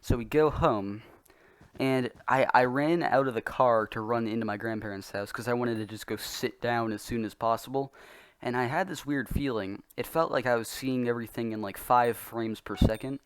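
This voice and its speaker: A man's voice: mid-range voice, moderate pace, clear, resonant tone, dry recording. A young man telling a story in a casual, rambling, self-mocking way, often laughing as he goes. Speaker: vlogger.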